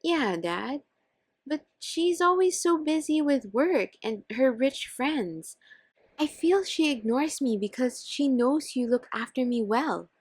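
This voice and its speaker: A woman voicing an affectionate teenage daughter in a scripted text-story reading, breathy and slow. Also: high-pitched, lively intonation, no echo, pitched above the performer's own voice, heavily acted. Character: teen daughter, affectionate and eager.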